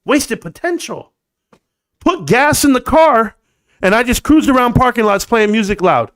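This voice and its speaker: This live-stream host, a man in his forties, has a very high-pitched voice and talks at a moderate pace. He goes on sarcastic, expletive-laden rants in an animated, casual manner.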